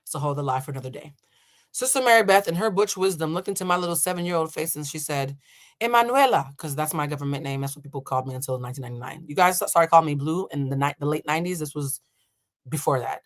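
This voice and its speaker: A woman's voice: low-pitched, fast talker. A woman in her thirties, an emotional intelligence coach, telling a story in a blunt, profane way and acting out the people in it. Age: 30s. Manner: animated, blunt and profane, acts out quoted voices. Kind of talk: storytelling reaction commentary.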